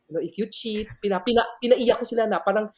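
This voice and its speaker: A middle-aged woman with a Filipino accent, a math professor who is a guest on a podcast, telling stories and acting out dialogue as she mixes English with Tagalog. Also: racing. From Philippines. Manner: switches between English and Tagalog, acts out dialogue; lively, swooping pitch. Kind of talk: animated storytelling interview.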